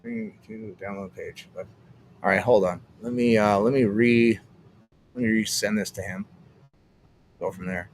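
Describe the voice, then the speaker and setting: A man's voice: lowish voice, fairly even intonation, moderate pace, long pauses, a little hiss or hum. Rambling, profane young streamer man. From Canada. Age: young adult. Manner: rambling, profane, trails off and restarts. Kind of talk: casual livestream chat.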